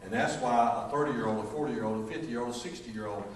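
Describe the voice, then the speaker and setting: A man's voice: medium pitch, normal speed. A middle-aged man with a Southern accent preaching a sermon, a folksy storyteller who jokes and acts out voices. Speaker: pastor. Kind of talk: sermon with humorous stories. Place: church sanctuary. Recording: echoey church from far off, faint noise.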